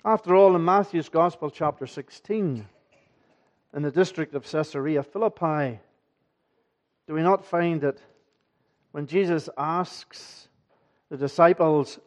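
A man's voice: a little high, measured pace, long pauses. A man preaching an evening sermon to his congregation, earnest and emphatic, often asking rhetorical questions. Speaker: pastor. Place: church.

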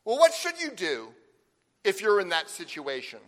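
A man preaching a sermon, emphatic, with slow stressed phrases and rhetorical questions. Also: sits high, huge pitch swings. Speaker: pastor. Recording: long hall reverb.

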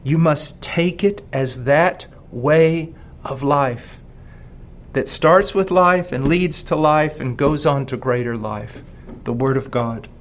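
A man in his forties preaching a sermon as pastor, asking rhetorical questions and slowing down to stress key words. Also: fairly high pitch.

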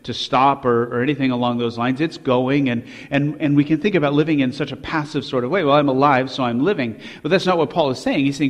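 A man's voice: medium pitch, brisk, few pauses. A man preaching a sermon with emphasis, his voice rising on quoted scripture, with fillers and restarts between points. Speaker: pastor. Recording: long hall reverb.

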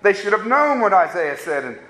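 High-voiced preaching man in an echoey room. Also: very animated, normal speed, a bit bright. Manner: earnest preaching with rhetorical questions to the congregation. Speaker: pastor. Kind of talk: sermon. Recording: roomy echo.

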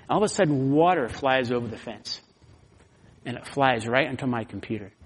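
A man preaching a sermon as pastor, telling stories in an animated way and acting out his own anger. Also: mid-range voice, a little hiss or hum. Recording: long hall reverb.

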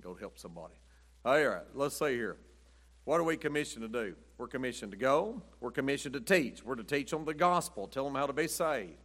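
A man's voice: mid-range voice, lively intonation, a little fast, fairly bright tone. A man preaching a sermon in a folksy, rambling storytelling way, chuckling often. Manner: rambling, chuckling, says "but anyway" often.

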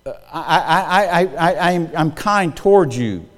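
A man's voice: a little high, expressive, a little slow, a bit bright. A middle-aged man preaching a sermon in a folksy, conversational way, often checking in with his congregation. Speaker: pastor. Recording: long hall reverb.

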